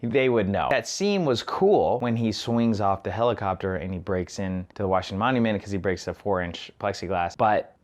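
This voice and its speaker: A man's voice: fairly low pitch, animated, normal speed, hardly any pauses. Exasperated man ranting in a review. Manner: exasperated, ranting, sarcastic asides. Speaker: movie reviewer. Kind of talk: casual film review to camera.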